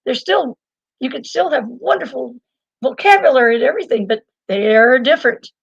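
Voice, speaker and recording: An older woman speaking as an interview guest, her voice gravelly and a little husky. She rambles from one thread to the next and keeps laughing as she talks. The recording is dull and dry, with no room sound. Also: high-pitched, lively intonation, moderate pace, no echo. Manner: rambling, digressive, laughs often. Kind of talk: conversational storytelling.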